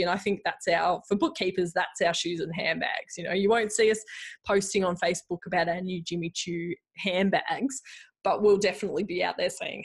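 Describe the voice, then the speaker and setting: A woman's voice: fairly low pitch, steady tone, normal speed. A woman hosting a bookkeeping podcast in a chatty, rambling way, full of fillers and playful quoted voices. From Australia. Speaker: podcast host, bookkeeping coach. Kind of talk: casual solo podcast talk.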